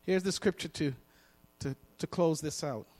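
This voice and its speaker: Male preacher, sermon, high voice, emphatic delivery, booming hall reverb. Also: unhurried, darkish tone. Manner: emphatic, repeats lines for the congregation to echo.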